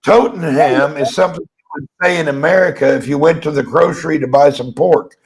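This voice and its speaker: A man's voice: on the high side, brisk, rough recording. A man hosting a casual live-stream chat, making wry jokes and reading out viewer comments. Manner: wry, jokey asides, reads viewer comments. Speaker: host. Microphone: phone or webcam on a live stream.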